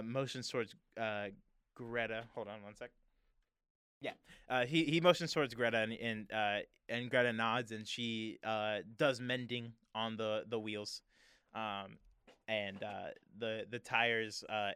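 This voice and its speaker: A man's voice: on the low side, pushed and bright, smooth. A man narrating as game master in a tabletop game, with hesitant talk and many fillers.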